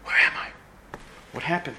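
A man's voice: normal speed, sharp tone, a little hiss or hum. A man doing a boisterous tipsy old man. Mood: panicked. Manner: exuberant, boastful toasts. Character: tipsy cheerful older man toasting.

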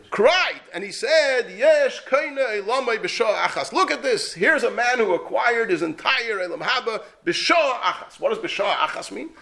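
A man's voice: high-pitched, gravelly, sharp tone. A man teaching a Torah class as a rabbi, emphatic and full of rhetorical questions, weaving Yiddish and Hebrew terms into his English. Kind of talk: Torah lecture.

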